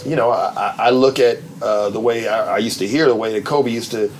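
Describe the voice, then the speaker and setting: A middle-aged man, a TV writer and producer, telling backstage stories in a relaxed, animated way, laughing as he goes and acting out the people he quotes. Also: lowish voice, brisk, a little hiss or hum, rough recording. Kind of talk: casual anecdotal storytelling.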